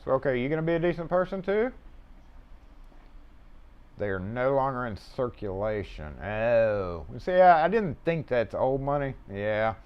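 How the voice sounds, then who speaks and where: A man's voice: mid-range voice, expressive, unhurried, smooth, muffled recording. A man hosting a casual locksmith livestream from his shop, rambling and offhand, cursing now and then as he works on a lock. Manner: rambling, offhand, swears and chuckles while working. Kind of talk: casual live-stream chat. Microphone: mobile mic.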